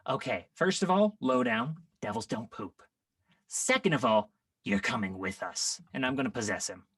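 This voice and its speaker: A player voicing a scheming devil in an improvised tabletop game, speaking in a low, plotting, matter-of-fact voice. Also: expressive, normal speed, a bit bright, no echo, studio quality. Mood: conspiratorial. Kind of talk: improvised tabletop role-play.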